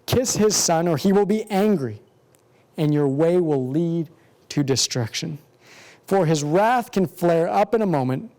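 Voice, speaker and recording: A man teaching from the Bible in a measured, earnest sermon style, slowing down to stress key words. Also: a little high, expressive, mellow. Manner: measured, earnest, slows for emphasis. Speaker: pastor.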